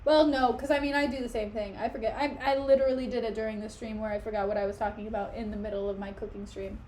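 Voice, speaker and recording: A woman's voice: a little high, steady tone, fast talker, a little mellow, low-quality recording. A woman streaming a casual reading of a play, chatting and joking between lines. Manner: chatty, giggly, self-mocking.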